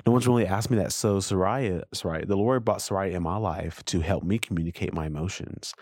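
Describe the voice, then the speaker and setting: A man's voice: sits low, fairly quick, hardly any pauses, darkish tone, no room sound, clean studio sound. A man co-hosting a casual faith podcast, speaking earnestly and openly about his feelings in his marriage. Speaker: podcast co-host.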